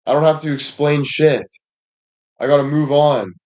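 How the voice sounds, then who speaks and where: A man's voice: fairly high pitch, moderate pace, a little mellow. A young man ranting bluntly at his viewers with heavy swearing and repeated catchphrases. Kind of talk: profane rant to viewers.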